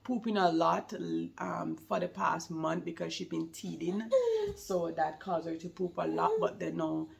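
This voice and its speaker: Chatty young mom with a gravelly voice. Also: female voice, lowish voice, fairly even intonation, measured pace, over a noisy crowd. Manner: chatty and rambling, laughs often, many fillers. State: slight lingering cold. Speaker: new mother vlogger. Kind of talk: casual chat to camera.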